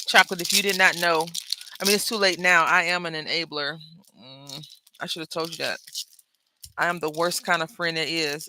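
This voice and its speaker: A woman's voice: low voice, sharp tone, slight background noise. A woman hosting a crafting tutorial, chatting casually and rambling into asides to her viewers as she works. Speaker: crafting channel host.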